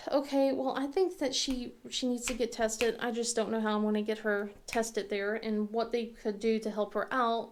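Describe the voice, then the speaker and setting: A woman in her thirties chatting casually as a crafting channel host, rambling and halting with lots of fillers and restarts. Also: a little high, a little mellow. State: tearful at times. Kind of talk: casual chat.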